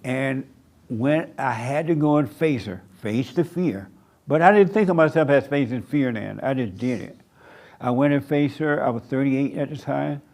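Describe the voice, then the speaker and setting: Gravelly older man preaching plainly. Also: medium pitch, darkish tone. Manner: slow, plain-spoken, storytelling with acted-out quotes. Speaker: pastor. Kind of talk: sermon answering questions. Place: church meeting room.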